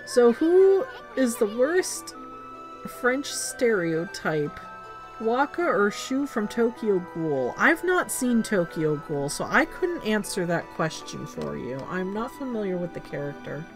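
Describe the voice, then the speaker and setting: A woman's voice: medium pitch, sing-song, takes it slowly, over music. A woman streamer giving chatty, amused commentary while playing a game.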